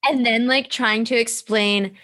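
A woman's voice: on the high side, steady tone, unhurried, sharp tone. Chatty young woman, frank and rambling. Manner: chatty, candid, full of fillers and swearing. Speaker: podcast host. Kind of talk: casual podcast chat.

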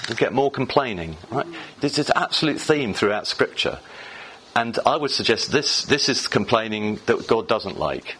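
A man's voice: mid-range voice, sing-song, unhurried, sharp tone, slightly rough, rough recording. A man preaching a sermon in church, reading scripture and talking to the congregation in a loose, conversational way with fillers and restarts.

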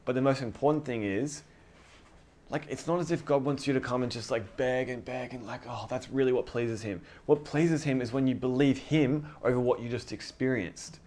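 A man with a mid-range voice preaches at a normal speed in a casual, conversational style. He is animated and often acts out dialogue.

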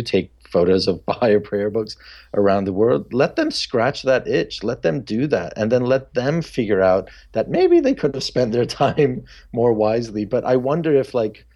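A man's voice: lowish voice, darkish tone. A man hosting a casual podcast chat, talking candidly and reflectively with many fillers, his voice sometimes sounding harsh. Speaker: podcast host. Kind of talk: casual conversation.

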